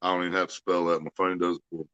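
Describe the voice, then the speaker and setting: A man's voice: low-pitched, level tone, rapid-fire, fairly bright tone, clean tone, no echo. A man from the United States hosting a casual, profane chat, telling crude stories and laughing through them. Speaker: podcast host. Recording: dull lo-fi dry recording.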